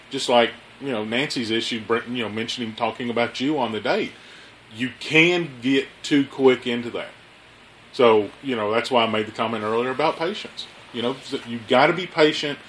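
A man's voice: medium pitch, a bit bright, a little hiss or hum, rough recording. A man in casual conversation as a co-host, talking bluntly and profanely with a self-mocking streak. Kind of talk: casual chat.

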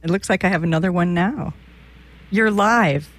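A woman's voice: lowish voice, moderate pace, no echo. A woman hosting a live call-in radio show, giving psychic readings in a chatty, meandering way with many restarts.

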